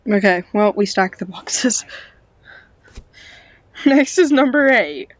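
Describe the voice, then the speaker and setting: A woman with a stuffy nose chats slowly through a game, her voice leaping up and down as she talks to the characters and sometimes drops to a whisper. The sound is dry and close, from a cheap home microphone. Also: mid-range voice, expressive, dry recording. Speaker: game vlogger. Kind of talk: casual unboxing commentary.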